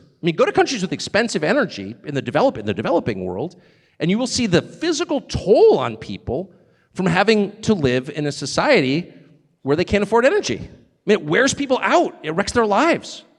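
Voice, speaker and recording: A man's voice: sits high, wildly swooping pitch, a little fast, long reverb tail. A man giving a live stage speech, emphatic and joking, often drifting off on digressions. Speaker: guest speaker at a live event.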